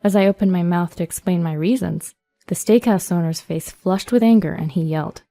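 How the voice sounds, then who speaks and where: A woman narrating a first-person story in an even, measured reading voice. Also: fairly low pitch, vocal fry, dry recording.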